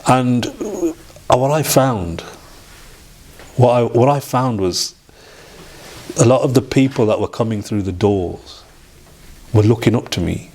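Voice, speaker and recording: A man, telling his life story as an interview guest in a halting way, with restarts and reenacted dialogue. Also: medium pitch, expressive, darkish tone. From Derby, England. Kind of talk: personal storytelling in a sit-down interview.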